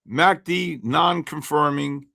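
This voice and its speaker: A hoarse man hosting a live trading stream, chatting with viewers by name while he calls trades. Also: a little high, slow. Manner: animated, greets chat by name while calling trades. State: hoarse, losing his voice. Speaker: livestream host and futures trader.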